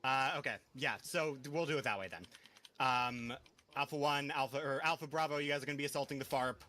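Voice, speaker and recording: Male squad leader, hesitant gamer orders, bright tense tone. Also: mid-range voice, quick pace, slight background noise. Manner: hesitant, filler-heavy orders. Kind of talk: giving game orders.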